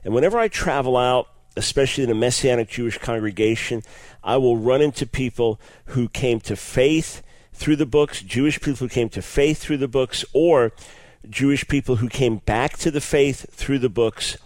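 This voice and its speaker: A male radio host gives an earnest, enthusiastic teaching monologue, often repeating words as he restarts. His mid-range voice has a darkish tone and normal speed, with no room sound.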